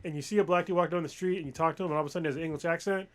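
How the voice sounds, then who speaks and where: A man's voice: fairly high pitch, steady tone. A man co-hosting a podcast in casual chat, ranting with strong opinions and plenty of swearing. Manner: fast, opinionated, profane ranting. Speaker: podcast co-host.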